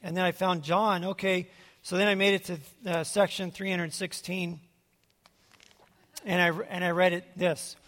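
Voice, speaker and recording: A man preaching to a church in a relaxed, talky way, often stopping and restarting his sentences. His voice sits a little high for a man, and a long reverb trails each phrase. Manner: conversational, halting with restarts. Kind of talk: sermon with personal testimony. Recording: hall reverb.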